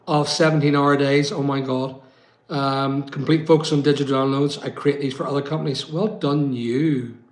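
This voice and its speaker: Male livestream host from West London, slightly high voice, chatty and relaxed, echoey room. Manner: chatty, reads out comments, many ums. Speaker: livestream host answering viewer comments. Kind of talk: casual live chat.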